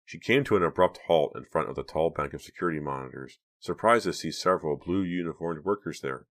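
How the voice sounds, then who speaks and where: A man reading an audiobook aloud as narrator, steady and measured. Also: extremely low pitch. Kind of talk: scripted narration.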